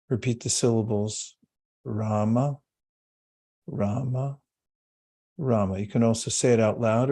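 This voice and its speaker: A man giving a spiritual talk and a guided meditation, speaking slowly, calmly and soothingly with long pauses. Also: mid-range voice. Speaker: spiritual teacher.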